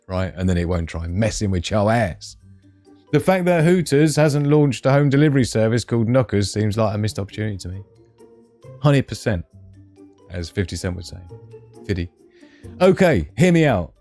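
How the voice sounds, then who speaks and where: A middle-aged British man with a fairly low voice runs a casual live stream, reading out comments and cracking jokes. He laughs often and talks straight to his viewers. Faint music plays underneath. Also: a little mellow. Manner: jokey, laughs often, chatty asides to the chat. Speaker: livestream host.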